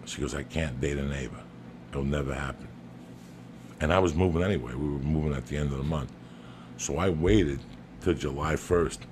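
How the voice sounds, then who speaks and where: A man's voice: rumbling low, moderate pace, pauses often. A middle-aged man from New Jersey with a Jersey accent, telling brash, profane stories on a podcast. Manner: brash, profane, bursts into loud laughing shouts. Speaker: podcast host. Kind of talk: casual storytelling. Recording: noisy room ambience.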